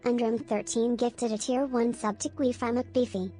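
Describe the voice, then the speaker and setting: A synthetic woman's voice reading stream alerts aloud in flat, evenly paced announcements. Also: mid-range voice, normal speed, faint music behind. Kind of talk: text-to-speech alert reading.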